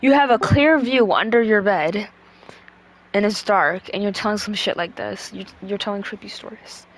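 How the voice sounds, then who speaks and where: A woman's voice: mid-range voice, moderate pace. A woman chatting casually on a stream, rambling with lots of fillers and swearing freely.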